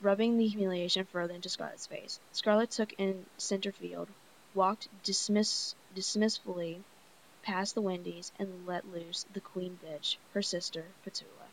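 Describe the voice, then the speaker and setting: A woman's voice: mid-range voice, steady tone, moderate pace, slight background noise, poor audio. Young woman reading aloud, stumbling and enthusiastic. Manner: stumbling, enthusiastic, frequent restarts and laughs. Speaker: reader. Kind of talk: reading a novel aloud with commentary.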